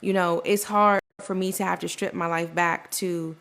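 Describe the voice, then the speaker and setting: A woman's voice: fairly low pitch, steady tone, moderate pace, vocal fry, fairly bright tone. A young woman hosting a podcast, talking in a loose, rambling way with lots of "like" and "you know", acting out the voices of people she quotes. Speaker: podcast host. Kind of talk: casual personal monologue.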